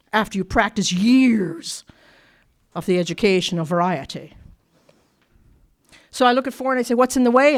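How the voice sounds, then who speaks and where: A woman from Ireland, speaking to a recovery meeting and telling her story bluntly and candidly, with frequent laughter. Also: on the low side. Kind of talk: personal recovery talk to an audience. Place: workshop meeting room.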